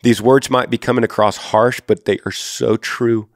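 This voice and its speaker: A man's voice: mid-range voice, fairly even intonation, moderate pace, no room sound, clean studio sound. A man in his thirties with a Texan accent, hosting a faith-based advice podcast and speaking earnestly and directly to a listener. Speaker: podcast host.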